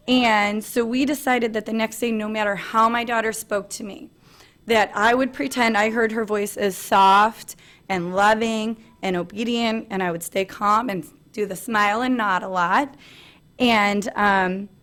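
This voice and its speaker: A woman's voice: mid-range voice, steady tone, unhurried, fairly bright tone. Earnest woman giving a personal talk. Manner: earnest, frequent "um" fillers, light laughs. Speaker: presenter at a regional family meeting. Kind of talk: personal presentation speech.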